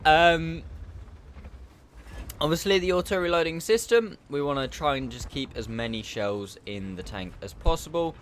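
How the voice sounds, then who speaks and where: Male gameplay commentator, casual and self-deprecating, lively intonation, faint background noise. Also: medium pitch, moderate pace. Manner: chatty, self-mocking, explains tactics.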